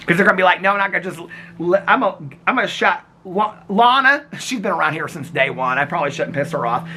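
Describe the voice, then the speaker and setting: A man's voice: sits high, expressive, fast, sharp tone, slight background noise. A man vlogging in a casual, chatty way, reading viewer comments aloud and teasing commenters by name, calling them honey and sweetheart. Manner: gossipy, calls people honey and sweetheart.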